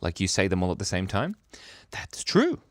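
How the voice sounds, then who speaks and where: A man chatting playfully on his livestream, silly and giggly. His voice sits low but leaps up and down in lively swings. The sound is dry and close, with no room around it. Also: fast talker, dry recording. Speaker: livestream host. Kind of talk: casual livestream chat.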